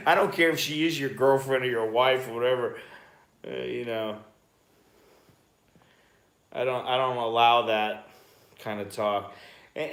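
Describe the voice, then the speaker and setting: With a medium-pitched, fairly bright voice, an American man rambles through a casual live-stream chat, swearing a little. He's broadcasting from home in Bangkok, where a roomy echo colors the audio.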